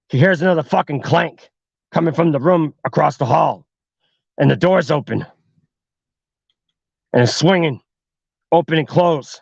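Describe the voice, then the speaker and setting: Host, male, high-ish gravelly voice, profane casual horror storyteller, dull dry livestream audio. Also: no echo. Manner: heavy swearing, fillers like "like". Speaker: podcast host.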